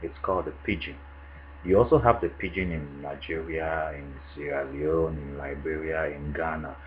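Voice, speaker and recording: A man with a Cameroonian English accent, casually answering questions in a vlog, relaxed and chatty with frequent fillers. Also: extremely low pitch, normal speed, dull audio, slight background noise. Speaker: vlogger answering a tag. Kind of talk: casual monologue.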